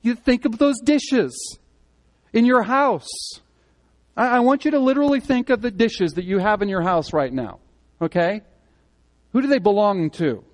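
A man giving a sermon as pastor, speaking conversationally and swinging between loud emphatic moments and quiet earnest ones. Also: high-pitched, moderate pace. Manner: conversational preaching, rising and falling in emphasis.

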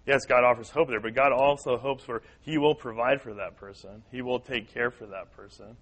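A man of medium pitch teaches a church class. He talks in an earnest, repetitive way, voicing the worries of the people he quotes to drive each point home. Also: steady tone, moderate pace, rough recording. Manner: earnest, repeats key points, acts out quoted voices.

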